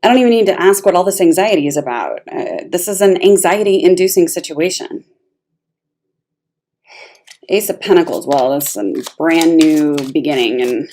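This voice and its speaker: A woman giving a casual, expressive tarot reading, talking straight to the viewer with emphatic asides. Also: on the low side, normal speed, a little hiss or hum. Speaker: tarot reader.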